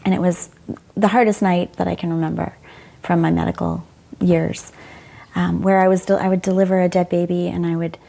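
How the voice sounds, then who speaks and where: A woman's voice: lowish voice, level tone, fairly quick, creaky, dark tone. A middle-aged woman, a former doctor, telling frank, emotional stories in an interview and quoting people as she goes. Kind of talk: candid conversational storytelling.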